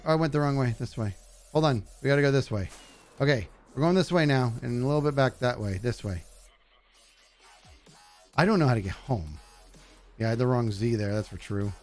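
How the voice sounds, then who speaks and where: Playing a game live on stream, this man keeps up goofy gameplay commentary, addressing his chat directly. When excitement hits, his voice leaps upward.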